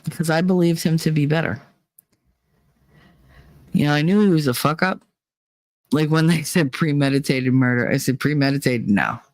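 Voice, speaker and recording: A woman's voice: deep voice, moderate pace, long pauses, dry recording. A woman telling a story in casual chat, acting out quoted lines with feeling. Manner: animated, emotional, acts out quotes. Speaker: streamer.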